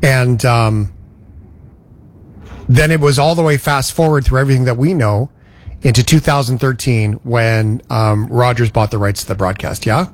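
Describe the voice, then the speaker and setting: A man's voice: medium pitch, normal speed. A man co-hosting a podcast, chatty and enthusiastic. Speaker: podcast co-host. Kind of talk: casual chat.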